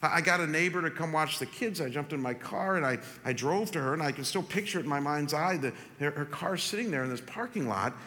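A man in his forties, a pastor, telling a story in a sermon with animated, stammering restarts. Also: on the high side, quick pace, few pauses. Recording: long reverb in a large hall.

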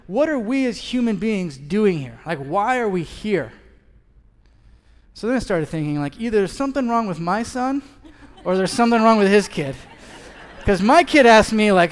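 A man's voice: sits high, animated, moderate pace, smooth. A man in his thirties preaching a sermon as a pastor, telling a story and acting out both sides of the conversation. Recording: long hall reverb.

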